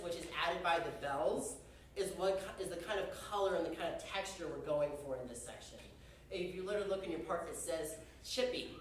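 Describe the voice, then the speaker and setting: A man's voice: on the high side, a little hiss or hum. Young male band conductor, very echoey. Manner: chatty, joking, uses y'all. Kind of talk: rehearsal instruction. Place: rehearsal room with a band. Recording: very echoey hall from far off.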